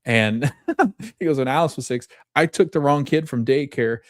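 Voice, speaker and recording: A man's voice: mid-range voice, lively intonation, moderate pace, no echo, studio quality. Chatty man in his thirties recapping. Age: 30s. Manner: chatty, retells scenes with quoted dialogue and laughs often. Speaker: podcast host. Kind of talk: casual episode recap.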